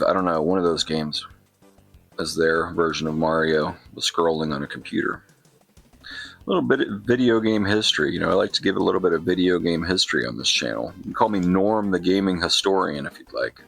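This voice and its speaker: Low gravelly man rambling about games. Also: moderate pace, fairly bright tone, faint music behind. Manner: rambling with sarcastic asides. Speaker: retro gaming channel host. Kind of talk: casual gameplay commentary.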